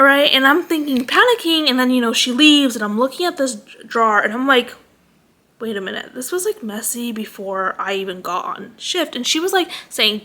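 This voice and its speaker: A woman's voice: on the high side, lively intonation, normal speed, sharp tone. A young woman vlogging a rambling, anxious storytime rant at home at night, full of "like". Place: home at night, parents asleep nearby.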